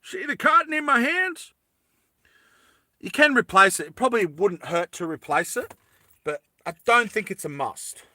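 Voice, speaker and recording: A man's voice: high-pitched, animated, normal speed, pushed and bright, no room sound. A man chatting casually through a lighter repair, rambling into jokey tangents and correcting himself as he goes. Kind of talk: casual how-to chat.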